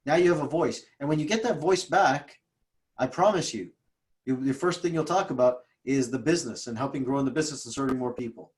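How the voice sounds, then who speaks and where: A trauma coach appears as a guest in a casual interview, speaking in a mid-range voice at a fairly quick pace. He tells stories emphatically, repeats himself, and restarts often.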